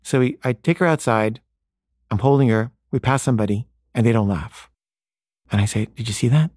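A man's voice: normal speed, no echo, clean studio sound. A man in his thirties casually telling a personal anecdote, acting out the dialogue as he goes. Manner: casual, animated, acts out dialogue with rising pitch. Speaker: storyteller.

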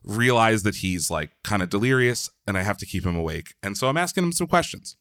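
Chatty low-voiced man telling a story. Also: lively intonation, fairly quick, fairly bright tone, clean tone, dry recording, clean studio sound. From Philadelphia. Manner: loose and chatty, heavy on "like", swears freely. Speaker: podcast guest. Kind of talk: casual storytelling.

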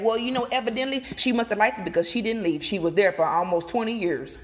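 A woman vlogger recording outdoors, giving emphatic, animated opinion commentary and talking straight to her viewers. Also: fairly high pitch, fast talker, hardly any pauses. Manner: emphatic, animated, repeats and addresses viewers directly. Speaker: gossip vlogger.

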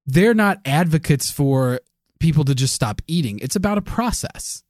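A man's voice: on the high side, expressive, moderate pace, darkish tone, no echo, studio quality. A man co-hosting a podcast in casual chat, easygoing and agreeable, hedging his points as he talks them through. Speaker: podcast co-host.

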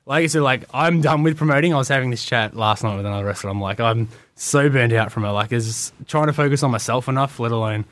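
Fast-talking Australian man telling stories. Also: mid-range voice, fairly bright tone, dry recording. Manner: quick storytelling, acts out voices of others. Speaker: guest wrestler. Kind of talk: casual podcast interview.

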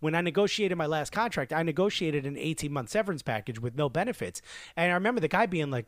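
A man from Newark in his thirties tells a story in a relaxed podcast conversation, slipping into the voices of the people in it. His voice sits a bit high for a man. It is recorded close and dry, with no room sound. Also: quick pace, no room sound. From Newark, New Jersey. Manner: animated storyteller who acts out quoted dialogue. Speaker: podcast co-host telling a story. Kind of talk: casual chat, storytelling.

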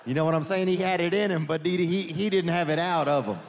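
A man doing a stand-up comedy set at a live venue. He rambles through the story, corrects himself often and drops deadpan asides. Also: fairly high pitch, fast, a faint crowd, slight background noise.

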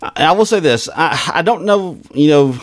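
A man's voice: a little high, animated, normal speed. A man co-hosting a podcast in a casual chat about a TV episode, often stumbling and repeating words as he restarts his sentences. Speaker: podcast co-host.

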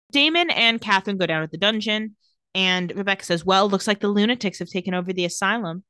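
A woman's voice: mid-range voice, a little fast, sharp tone, clear, resonant tone, no echo, clean studio sound. A woman in casual chat, recapping TV scenes and acting out the characters' lines. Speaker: podcast co-host recapping a TV episode.

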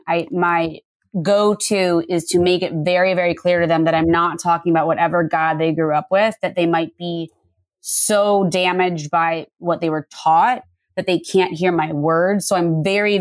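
A woman in her forties talking earnestly as an interview guest, explaining her ideas in a quick, chatty way with filler words. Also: fairly low pitch, no room sound. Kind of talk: candid conversational interview.

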